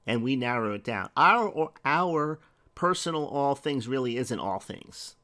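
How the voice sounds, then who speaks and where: Lively-pitched earnest male preacher. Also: unhurried. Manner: earnest, emphatic, with frequent restarts and rhetorical questions. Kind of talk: sermon.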